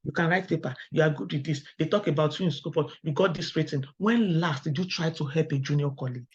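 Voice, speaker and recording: A middle-aged Nigerian woman giving a webinar talk, firing rhetorical questions at the audience and telling lively personal stories. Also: low voice, fast, slightly rough. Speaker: academic webinar speaker. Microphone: video call. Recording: dull lo-fi online call audio.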